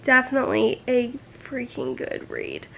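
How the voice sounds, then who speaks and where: High-voiced slow-talking young woman vlogger. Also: wildly swooping pitch, gravelly, fairly bright tone. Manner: emotional, sighs often, many fillers. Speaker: book vlogger. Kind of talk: casual reading vlog reactions.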